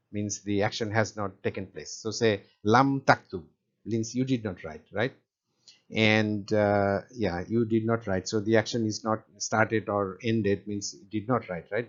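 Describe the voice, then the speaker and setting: A man's voice: lowish voice, steady tone, a little slow. A man giving an informal grammar lesson, hesitant, with many fillers and restarts, often checking "right?". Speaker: Arabic grammar teacher. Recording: dull lo-fi sound.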